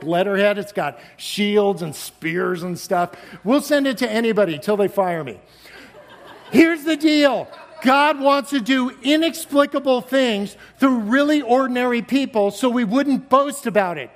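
Animated high-voiced man preaching. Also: in a large hall. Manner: animated, laughing, exclaiming. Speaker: guest speaker. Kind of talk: storytelling sermon.

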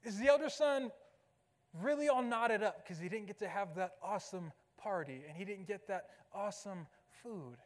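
Man, pastor, preaching, conversational, rhetorical questions, high-pitched, echoing church hall. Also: expressive, moderate pace. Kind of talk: sermon. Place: church sanctuary.

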